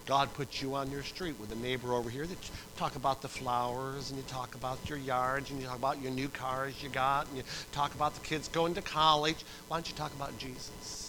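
A middle-aged man preaching a sermon, telling stories with acted-out voices and swinging from soft to loud. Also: medium pitch, fairly even intonation, fairly quick, few pauses, poor audio. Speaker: pastor.

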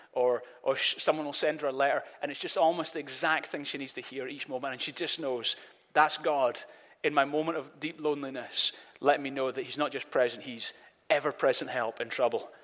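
A man's voice: medium pitch, fairly bright tone. A man preaching a sermon in an earnest voice, often repeating words and leading the congregation in call-and-response. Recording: long reverb of a church hall.

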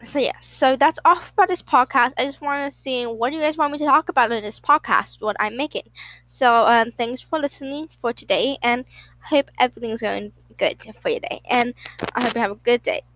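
A woman's voice: a little high, a little fast, fairly bright tone, no echo, poor audio. A young woman hosting a casual solo podcast, rambling with lots of fillers and giggles. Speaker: podcast host.

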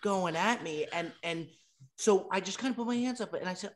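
A man co-hosting a casual podcast, who talks haltingly with many restarts. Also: high-pitched, very noisy. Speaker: podcast co-host. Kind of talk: casual chat.

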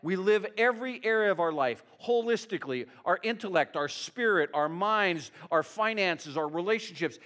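A man's voice: sits high, lively intonation, normal speed, hardly any pauses, fairly bright tone. A middle-aged male pastor preaching a sermon in a conversational, emotional way, often adding "you know" and "okay".

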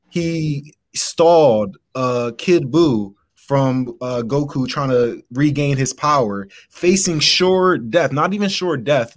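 A man making his case in a casual debate, laid-back and rambling with plenty of fillers. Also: a little high.

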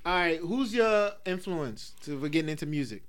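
A man's voice: fairly high pitch, expressive, normal speed, a bit bright, clean tone. A man hosting a podcast, teasing and swearing in casual, joking chat. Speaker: podcast host.

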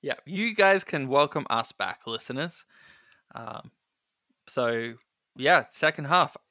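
Bright-voiced male podcast co-host. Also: mid-range voice, expressive, takes it slowly, dry recording, studio quality. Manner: chatty, filler-heavy, amused. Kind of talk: casual chat.

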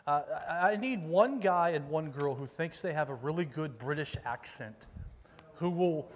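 A male youth pastor gives a casual sermon, upbeat and chatty, and he keeps rallying the crowd. His voice sits a little higher than most men's. It rings out with the long reverb of a large meeting hall. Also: animated, measured pace. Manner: upbeat, rallies the audience, calls out for volunteers. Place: church meeting room with an audience.

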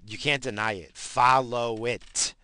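A man's voice: medium pitch, fairly even intonation, measured pace, sharp tone, smooth. Swearing, heated man ranting. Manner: heated, swearing, repeats himself. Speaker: self-described stoner. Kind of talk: profane conspiracy rant.

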